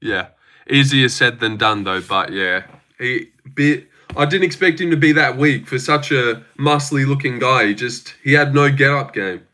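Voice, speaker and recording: Laid-back bright-voiced Australian guy. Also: medium pitch, normal speed. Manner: laid-back, joking, profane. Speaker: livestream host. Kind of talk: casual live chat reading comments.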